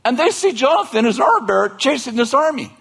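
A man's voice: extremely high pitch, fast, vocal fry, husky. A man preaching a sermon, retelling a story in a casual, joking way, laughing often and breaking into asides and restarts. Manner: animated, joking, laughs often between lines. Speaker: pastor.

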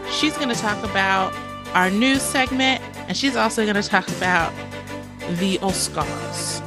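A woman's voice: mid-range voice, measured pace, over music. A woman co-hosting a podcast, talking to listeners in an upbeat, direct way. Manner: upbeat and direct, talks to listeners as "you guys". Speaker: podcast co-host. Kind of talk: casual podcast chat.

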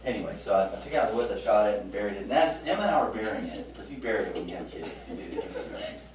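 A man teaching a small Bible study group, chatty and animated, asking questions and telling funny stories. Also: fairly low pitch, fast. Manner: tells funny anecdotes with restarts. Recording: roomy, distant mic, faint noise.

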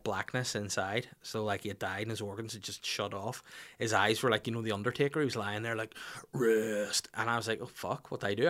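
A man's voice: fairly low pitch, fairly bright tone. A Northern Irish man in his thirties, a podcast host telling a rambling anecdote, swearing freely and mimicking people in his stories. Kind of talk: casual storytelling.

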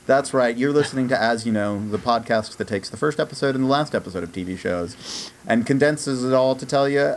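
Male podcast host, casual, mid-pitched, loose and chatty. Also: fairly quick. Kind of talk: casual chat.

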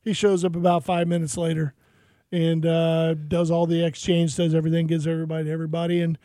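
A middle-aged man co-hosting a radio show, telling a story with lively quoted voices. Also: fairly high pitch, quick pace, dry recording. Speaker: radio co-host. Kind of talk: casual radio banter, storytelling.

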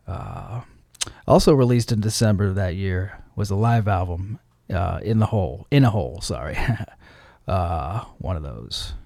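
A man hosting a radio show, giving casual commentary between songs with joking asides and quick self-corrections. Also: low-pitched, gravelly, dark tone, dry recording, clean studio sound. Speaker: radio host.

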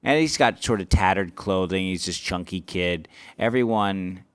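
A man, a stand-up comic, swaps stories in easy, casual chat. His voice is smooth and sits in a middle pitch, recorded dry and close. He leaps up in pitch as he acts out both sides of his run-ins. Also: a little slow, no room sound. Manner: animated, acts out exchanges with rising pitch.

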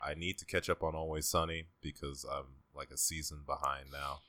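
A man's voice: very deep voice, little pitch movement, fairly quick, sharp tone, dry recording, studio quality. A man co-hosting a podcast, chatting casually with teasing wisecracks. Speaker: podcast co-host. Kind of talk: casual chat.

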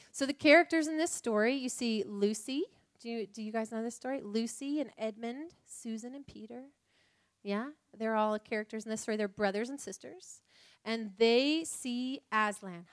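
A woman's voice: on the high side, no room sound, clean studio sound. A woman teaching young children through a story, upbeat, asking them frequent questions.

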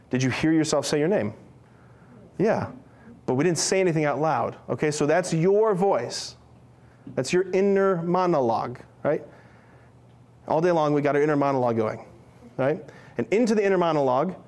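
A man's voice: a little high, a little mellow. A man giving a conversational sermon as a preacher, casual and chatty, often checking in with his listeners. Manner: casual, chatty, often tags lines with "right?".

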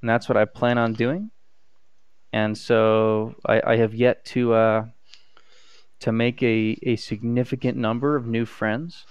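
A young man, a student, chatting casually in a halting, hesitant way, with many restarts and fillers. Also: mid-range voice, little pitch movement, clean tone, no echo, lo-fi sound. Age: young adult. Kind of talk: casual chat.

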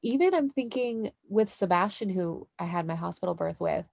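Low gravelly woman host, dry sound. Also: moderate pace, no echo. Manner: relaxed, many "you know" fillers. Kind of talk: casual interview chat.

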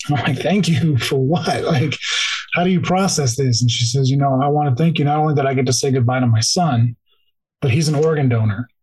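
A man's voice: mid-range voice, fast talker, darkish tone, husky, poor audio. A man guest on a podcast telling an emotional first-person story, peppered with "like" and restarts, close to tears at times. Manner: heavy use of "like", restarts, tearful. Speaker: podcast guest, police officer.

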